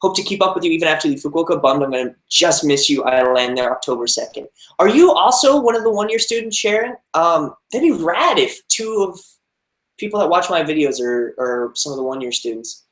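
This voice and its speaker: A man's voice: fairly high pitch, animated, fairly quick, a bit bright. A young American man reading viewer comments and answering them in a rambling, casual live-stream chat. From United States. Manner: rambling, many fillers and restarts. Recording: roomy echo.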